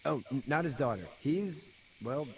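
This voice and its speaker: A man's voice: fairly high pitch, moderate pace, natural voice. An actor playing a friendly young man in a video game, easygoing in manner.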